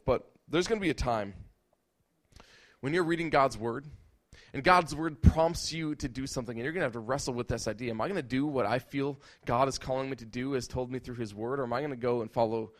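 A man's voice: medium pitch, quick pace. A man preaching a sermon, emphatic, with rhetorical questions and repeated lines.

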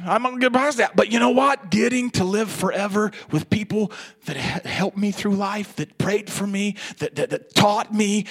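A male pastor preaching a sermon, swinging between loud, fired-up preaching and hushed, quick storytelling. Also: high-pitched, creaky, husky.

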